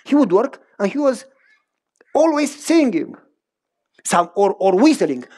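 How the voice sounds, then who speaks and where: A middle-aged man preaching a sermon, telling personal stories in an animated way with big pitch swings and repeated phrases. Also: measured pace. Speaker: pastor.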